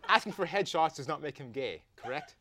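Lively high-voiced Canadian host. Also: male voice, a little fast, a crowd in the background. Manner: playful, reading tweets aloud. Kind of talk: live comedy talk show.

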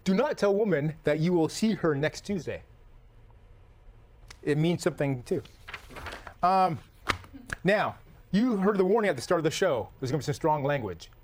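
A man's voice: on the high side, lively intonation, normal speed, long pauses, a little mellow, a little hiss or hum. A man hosting a casual comedy chat show, with a playful, teasing, rambling way of talking. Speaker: podcast host.

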